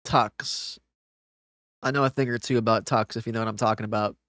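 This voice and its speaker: A man's voice: on the low side, steady tone, a little fast, fairly bright tone, no room sound. Young guy streamer, dry close sound, sarcastic and cursing, ranting to chat. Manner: frustrated, swears, sarcastic.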